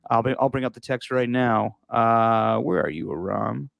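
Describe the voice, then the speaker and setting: A man's voice: mid-range voice, moderate pace, creaky, no room sound, highs cut off. A young man hosting a casual sports podcast, loose and joking, swearing freely and laughing easily. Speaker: podcast host.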